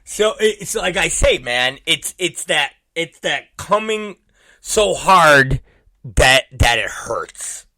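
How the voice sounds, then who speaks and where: A man in his forties hosting a talk show, telling a crude story with repeated words and sudden shouted exclamations. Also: fairly high pitch, big pitch swings, takes it slowly, dry recording. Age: 40s. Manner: vulgar, repetitive, bursts into shouted exclamations. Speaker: podcast host. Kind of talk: crude comedic monologue.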